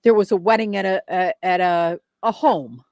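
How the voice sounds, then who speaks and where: A woman's voice: fairly low pitch, normal speed, darkish tone, dry recording, studio quality. A woman co-hosting a radio show in casual chat, telling stories with frequent "like". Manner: chatty storyteller with frequent "like".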